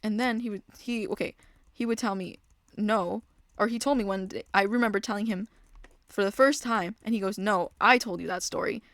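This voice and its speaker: A woman's voice: medium pitch, brisk, fairly bright tone, no echo. Rambling young woman, dry close mic. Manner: rambling, self-interrupting, trailing off into mutters. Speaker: gaming vlogger. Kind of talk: casual storytelling while playing a game.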